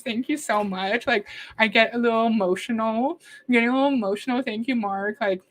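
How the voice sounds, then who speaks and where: A chatty woman hosts a casual livestream, reacting to a video and answering her viewers' comments. Her voice sits a little high for a woman. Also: moderate pace.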